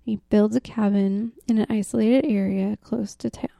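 A woman co-hosting a podcast, casually telling a folklore story, often dropping to a hushed whisper and laughing easily. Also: medium pitch, steady tone, normal speed, creaky, no echo, clean studio sound. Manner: drops to a hushed whisper for the spooky parts. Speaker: podcast co-host.

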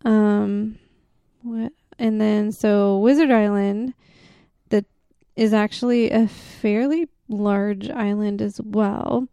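A woman hosts a casual chat, her voice gravelly with a warm, dark tone. She rambles through her story with plenty of fillers and the odd laugh. The sound is dry and close. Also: medium pitch, steady tone, takes it slowly, dry recording. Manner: chatty storyteller, many fillers, laughs easily. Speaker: podcast co-host.

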